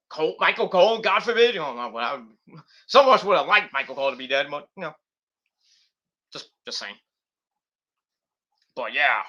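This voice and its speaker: A man hosting a loose late-night podcast. His fairly high, bright voice swings widely in pitch as he rambles. He swears freely and fills gaps with ums and uhs. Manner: rambling, profane, many fillers. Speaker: podcast host. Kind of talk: casual late-night wrestling chat.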